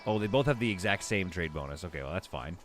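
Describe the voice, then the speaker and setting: Man, low voice, animated pitch, rambling gameplay chat, faint background hum. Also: fast. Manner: rambling, self-correcting, thinks aloud. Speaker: streamer playing a city-building game. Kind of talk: casual live gameplay commentary.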